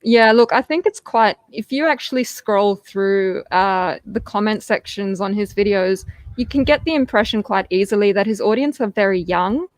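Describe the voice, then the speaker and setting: A woman's voice: mid-range voice, moderate pace, dry recording. A woman speaking as a guest in a casual live-stream discussion, articulate and sardonic.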